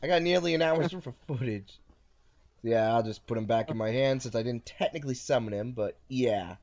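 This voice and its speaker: A card game host chats casually and jokingly describes each of his plays, talking briskly in a medium-pitched, darkish voice. The highs in the recording are cut off.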